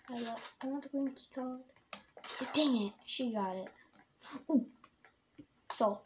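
Chatty, excitable woman playing a game. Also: high voice, a little slow, pauses often, background noise. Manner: chatty, rambling, excitable, laughs often. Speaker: gamer and YouTuber. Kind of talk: let's-play commentary.

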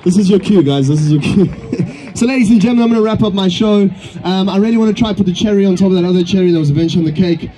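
High-voiced playful showman beatboxer. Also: racing, dark tone. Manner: playful, teasing, showman crowd banter. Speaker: street beatbox performer. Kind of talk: live stage patter with crowd.

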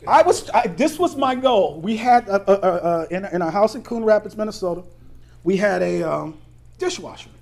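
A pastor with a high-pitched voice delivers a conversational sermon in a church, tossing questions at the congregation and breaking into laughter as he tells stories on himself. He moves between quiet, low asides and loud, excited bursts. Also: normal speed, creaky. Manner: conversational preaching with call-and-response questions and laughing anecdotes. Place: church sanctuary.

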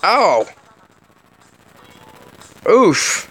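A man doing let's play commentary, excitable and joking, swearing often. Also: on the high side, a little slow, faint music behind. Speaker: gaming commentator.

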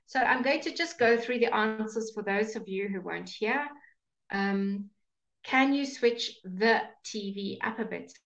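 A woman's voice: mid-range voice, unhurried, vocal fry, fairly bright tone, highs cut off. A woman teaching English grammar in a live online class, explaining patiently and checking in with "okay?".

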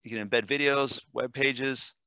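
A man, a language teacher, demonstrating software in a webinar, enthusiastic and quick, with fillers and self-corrections. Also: medium pitch, fairly even intonation, smooth, no echo, muffled recording. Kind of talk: screen-share webinar demo.

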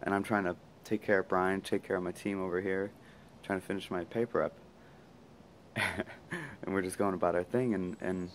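A man talking casually to his camera, rambling fast with many fillers and asides. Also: low voice, a little hiss or hum. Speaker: vlogger. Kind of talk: casual reflective monologue.

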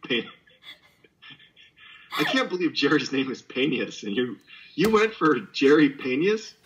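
A man's voice: mid-range voice, very animated, measured pace, fairly bright tone, a little hiss or hum, low-quality recording. A man bantering as a scene partner on a call, teasing with profane mock anger and playful jokes. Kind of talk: joking improvised banter.

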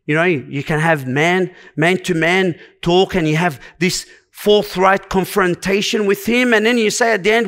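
Man preaching a sermon, kinda high voice, slow and earnest, keeps hammering short commands. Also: fairly bright tone.

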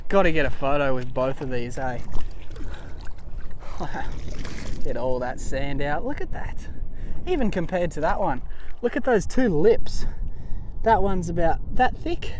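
A man's voice: on the high side, measured pace, pauses often, noisy background. A young Australian man vlogging on a beach while collecting shells, talking casually and marvelling at his finds. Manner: excitable, marvelling, exclamatory. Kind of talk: casual vlog narration. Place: outdoor beach shoreline.

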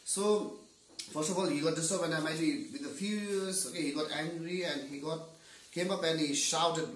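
A man's voice: fairly high pitch, normal speed. A male teacher retelling a story in an online class lesson, often hesitating and repeating words while he searches for them. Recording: roomy, distant mic.

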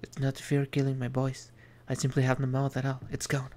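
A man streaming an indie game, reading its text aloud in a measured, reflective way with small asides. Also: medium pitch, monotone, dark tone, a little hiss or hum.

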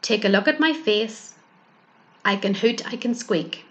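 A woman voicing a wise, patient female owl who explains things gently, in a children's storybook reading. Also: mid-range voice, unhurried, lightly acted. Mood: explaining.

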